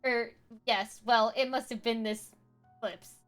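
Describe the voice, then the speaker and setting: A woman's voice: a little high, steady tone, a little slow, a bit bright, soft background music. A woman voicing a sheltered young dragon girl who is skittish yet proud. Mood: frightened. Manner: skittish, flustered.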